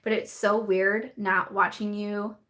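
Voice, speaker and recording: A woman's voice: mid-range voice, little pitch movement, a little slow, bright, forceful tone. A young woman hosting a casual live-stream chat, bubbly and giggly, full of fillers and laughter as she reads viewer comments.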